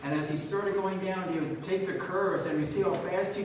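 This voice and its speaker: A man's voice: high-pitched, fairly quick, few pauses, slight background noise. A man preaching as a church pastor, telling stories and building to emphatic pleas. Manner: storytelling, rising to emphatic pleas. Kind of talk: sermon. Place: church sanctuary. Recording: echoey church hall from far off.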